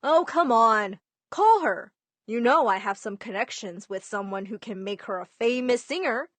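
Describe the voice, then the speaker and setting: A woman voicing an excitable man, the dad's friend, gushing and insistent, in an animated story. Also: on the high side, normal speed, dry recording.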